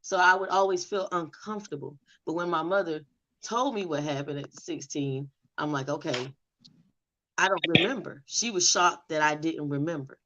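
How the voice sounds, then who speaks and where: A woman's voice: low-pitched, moderate pace, fairly bright tone, muffled recording. A middle-aged woman telling her personal story in an interview, with emotional, emphatic delivery. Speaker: interview guest.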